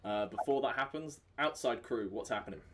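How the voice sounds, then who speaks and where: Casting note: male game master, middle pitch, easygoing narration full of small fillers and soft laughs. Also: a little fast. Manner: relaxed, chuckling narration with fillers.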